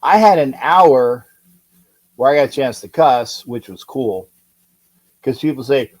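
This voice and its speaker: The poor-quality audio captures a man from California running a laid-back live sports talk stream. He's animated but unhurried, pausing often in a mid-range, slightly mellow voice while he reads comments and greets viewers by name in a chatty, rambling way.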